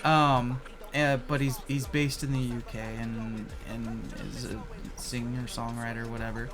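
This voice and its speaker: A man's voice: medium pitch, little pitch movement, a little slow, music in the background. A man hosting a live stream, chatting casually and hesitantly with lots of fillers. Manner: hesitant, full of "um" and "like". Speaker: streamer host.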